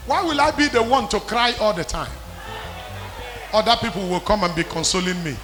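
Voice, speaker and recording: High-pitched preacher in a reverberant hall. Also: male voice, a little fast, soft background music. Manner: impassioned, repetitive, call-and-response preaching that builds to shouting. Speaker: pastor. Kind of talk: sermon.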